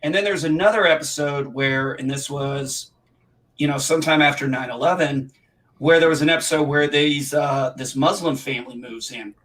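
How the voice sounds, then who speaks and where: A man's voice: fairly high pitch, moderate pace, a bit bright, rough recording. A man in a casual live chat, talking in a chatty, emphatic way. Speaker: chat show panelist. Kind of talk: casual chat about old TV shows.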